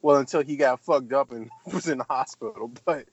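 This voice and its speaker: A man's voice: medium pitch, fairly quick, breathy edge, dry recording. A man chatting casually about an old film. He rambles, swears, and acts out scenes in different voices. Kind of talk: casual film-review chat. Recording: dull lo-fi recording.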